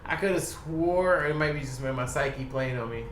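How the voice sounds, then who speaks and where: A man's voice: medium pitch, moderate pace, fairly bright tone, reverberant, slight background noise. A man from Baltimore, a podcast guest telling a long, profane, rambling story packed with quoted dialogue. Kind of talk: casual storytelling. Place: podcast studio.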